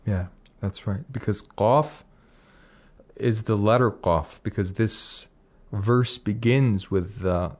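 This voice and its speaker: A man's voice: fairly low pitch, slow pace, a little mellow. A man patiently explaining Arabic pronunciation rules on a radio lesson, reciting short Arabic phrases as examples. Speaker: Quran recitation teacher.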